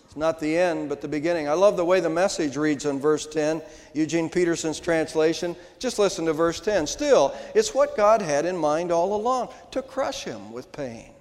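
High-voiced older man preaching in a hall. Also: animated, darkish tone. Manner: preaching with emphatic rises and slow stressed words. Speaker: pastor. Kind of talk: Easter sermon. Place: church sanctuary. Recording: long hall reverb.

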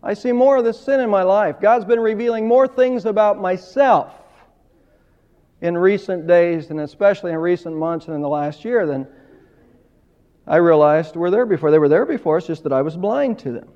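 High-voiced preacher man in an echoing hall. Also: normal speed. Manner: emphatic preaching, rising and falling in volume. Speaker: pastor. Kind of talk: sermon. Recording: dull lo-fi sound with long hall reverb.

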